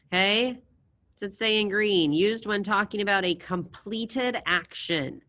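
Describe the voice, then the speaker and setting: A woman's voice: mid-range voice, unhurried, sharp tone. A woman teaching a language class over a video call, encouraging her students and drilling verb endings aloud. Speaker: Spanish teacher. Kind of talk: online class lesson.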